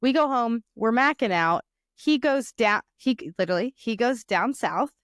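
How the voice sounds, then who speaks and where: A woman's voice: on the high side, animated, moderate pace, fairly bright tone, no echo, studio quality. A young woman hosting a podcast, telling a crude comic story in casual chat, a little tipsy from wine. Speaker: podcast host.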